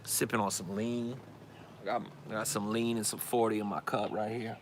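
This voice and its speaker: A man's voice: lowish voice, flat delivery, moderate pace, slight background noise, natural voice. A podcast host voicing a swaggering young male rapper persona, drawling boastful slang.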